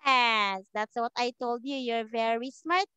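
A woman's voice: fairly high pitch, steady tone, a little slow, noisy background. A woman English teacher giving an online one-to-one grammar lesson, speaking patiently and repeating words for her learner.

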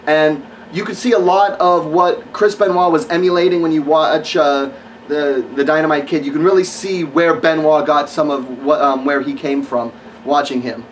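Sarcastic dude rambling through a wrestling review, kinda high voice, mic a bit far off. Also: male voice, a little hiss or hum. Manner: rambling, sarcastic, lots of fillers. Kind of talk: casual spoken review.

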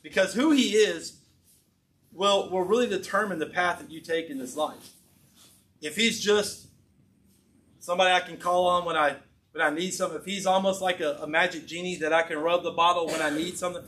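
A man preaching a sermon, telling scripture stories in a conversational, animated way with casual slang. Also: sits high, a little fast. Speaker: pastor.

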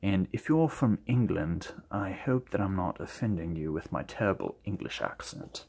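This paint-pouring host has a low, slightly rough voice with a darkish tone, vocal fry, and lively intonation at a moderate pace. He talks enthusiastically to the camera and thinks aloud while mixing colors in a casual demo.

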